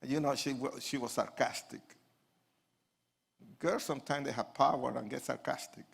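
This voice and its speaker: A man, an evangelist, telling his life story as a testimony sermon to an audience, with animated swings from hushed asides to loud outbursts. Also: medium pitch, normal speed, gravelly, husky.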